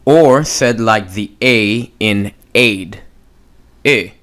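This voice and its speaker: A male teacher with a somewhat low voice takes a beginners' class through pronunciation. He talks very slowly and leaves long gaps. He repeats each sound patiently so learners can follow. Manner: patient, drawn-out pronunciation demos. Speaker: language teacher. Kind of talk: slow spoken lesson.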